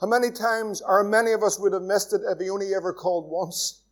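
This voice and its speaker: Preaching an evening sermon to his congregation, a Northern Irish pastor with a notably high voice speaks briskly with a steady tone. Earnest and pleading, he climbs to strong emphatic peaks before dropping to near-hushed, intimate lines.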